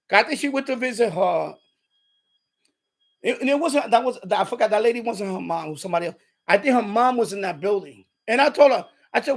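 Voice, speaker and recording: A man with a notably high-pitched voice tells a story on his own livestream. He talks bluntly and casually, swears freely and acts out both sides of an argument. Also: fairly quick, creaky. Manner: blunt, profane, animated retelling of confrontations. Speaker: radio hobby livestream host.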